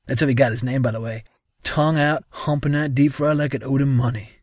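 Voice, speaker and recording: A man's voice: mid-range voice, fairly even intonation, fairly quick, no echo, studio quality. A man performing a comic sketch as a crude, swaggering frat bro giving a eulogy.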